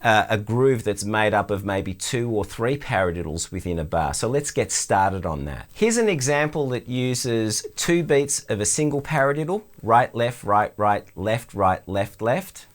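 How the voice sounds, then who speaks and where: A middle-aged Australian man teaching drums, explaining stickings in a relaxed way. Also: fairly low pitch, a little slow, hardly any pauses. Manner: relaxed, explanatory, counts in before playing. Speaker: drum teacher. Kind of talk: instructional demonstration.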